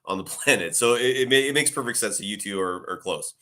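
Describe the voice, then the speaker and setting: A male guest on a chat show with a bright, forward voice that jumps around in pitch. He talks casually and readily agrees with the host, laughing along as the conversation goes. His speech is loose and easy, with quick restarts as he chats. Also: lively intonation.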